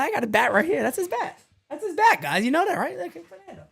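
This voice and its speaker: A man hosting a live baseball watch-party stream, giving excitable, profane play-by-play and often shouting. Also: very high-pitched, fast talker, gravelly.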